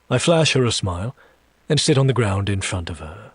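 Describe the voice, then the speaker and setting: A man reads a dark romance audiobook aloud with a husky, breathy voice pitched on the low side. His delivery is slow and seductive, and the sound is close and dry, with no room around it. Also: lively intonation, no room sound. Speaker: audiobook narrator. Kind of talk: dramatic audiobook reading.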